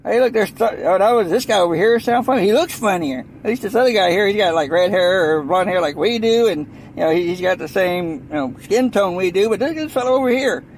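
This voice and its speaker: High gravelly man rambling sarcastically. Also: animated, fast, hardly any pauses, slight background noise, rough recording. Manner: rambling, sarcastic, stumbling restarts, mock voices. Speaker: comedian. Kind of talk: rambling stand-up style monologue.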